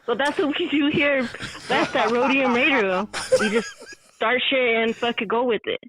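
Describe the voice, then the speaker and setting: A woman's voice: on the high side, moderate pace, crowd noise, poor audio. A woman guest in a casual podcast chat, talking in a chatty way with lots of "like" and casual swearing. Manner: chatty, frequent "like", swears freely.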